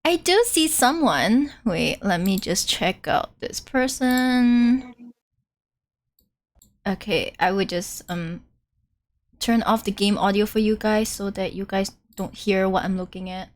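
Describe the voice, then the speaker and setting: A woman's voice: mid-range voice, slow pace. A woman game streamer chatting casually during a live playthrough, giggly and full of fillers. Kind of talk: casual live-stream chat over gameplay.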